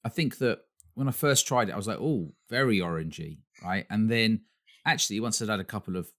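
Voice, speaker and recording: A male podcast co-host in relaxed, casual chat, talking quickly and a little low. He rambles through his stories animatedly, doubling back and restarting as he goes.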